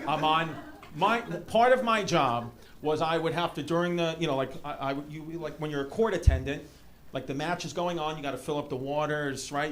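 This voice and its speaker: A young stand-up comic spins a rambling story, tripping over fillers and restarts. His voice sits high for a man. The live club recording carries clear background noise from the room. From New York City (Queens). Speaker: stand-up comedian. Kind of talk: stand-up storytelling and crowd work. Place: comedy club stage.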